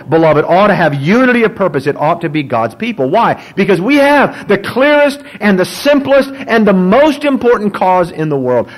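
A man, a pastor, preaching a sermon in an animated, joking storytelling manner. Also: high voice, poor audio.

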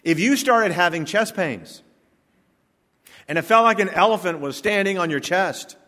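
A man's voice: sits high, normal speed, pushed and bright. A male pastor giving a sermon, preaching emphatically with joking asides in a church sanctuary. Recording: long reverb of a church hall.

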